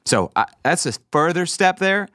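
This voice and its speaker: A man hosting a casual faith podcast, animatedly telling stories and acting out quotes in high voices. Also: animated, normal speed, pushed and bright, no room sound, studio quality. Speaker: podcast host. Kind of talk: casual chat about faith.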